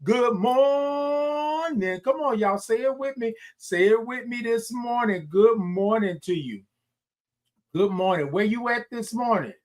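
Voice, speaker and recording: A man with a high voice hosts an upbeat, casual morning livestream at a moderate pace. He greets viewers by name, calls them y'all, and stretches his greetings into long sung notes.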